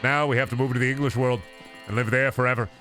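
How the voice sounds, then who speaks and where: A man's voice: medium pitch, steady tone, quick pace, pushed and bright, soft background music, close to an everyday voice. A man voicing a flustered Amish farmer who keeps dramatically pleading with his wife. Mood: distraught.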